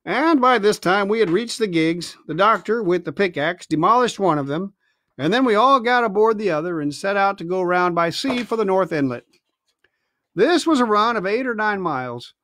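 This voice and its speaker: A man reading a classic adventure novel aloud with expressive storytelling. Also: high-pitched, normal speed. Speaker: reader.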